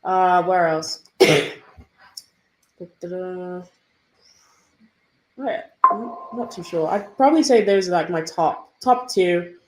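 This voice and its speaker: A woman's voice: on the low side, animated, unhurried, a little hiss or hum. A young woman with an English accent, a podcast guest chatting casually and laughing often as she tells stories. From England. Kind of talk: casual interview chat. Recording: roomy echo.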